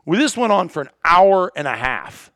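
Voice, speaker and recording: A man excitedly telling a hunting story in casual chat, acting out quotes and swearing now and then. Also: sits high, normal speed, dry recording. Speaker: hunting guide and cameraman.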